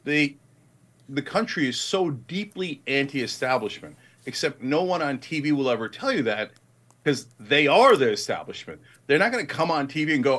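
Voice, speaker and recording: A man's voice: medium pitch, big pitch swings, normal speed, a bit bright. A middle-aged man in a heated political debate, emphatic and passionate, rising to indignant outbursts. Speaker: guest commentator.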